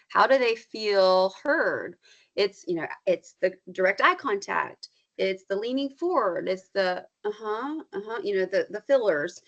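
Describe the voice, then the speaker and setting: Brief: woman counselor guest, mid pitch, explanatory, somewhat dull podcast audio. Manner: explanatory, warm teaching tone with fillers and quick role-play asides. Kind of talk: podcast conversation.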